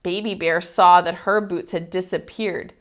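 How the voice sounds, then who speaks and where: A woman's voice: on the low side, steady tone, a little slow. A woman preschool teacher in an online video class, reading a picture book aloud expressively and asking the children questions.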